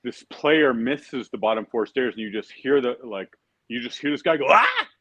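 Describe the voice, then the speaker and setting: A man chatting as a podcast guest, telling dealer stories in a lively way and acting out the people he quotes. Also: mid-range voice, moderate pace, no room sound. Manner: animated, laughing, acts out quotes. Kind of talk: casual storytelling chat.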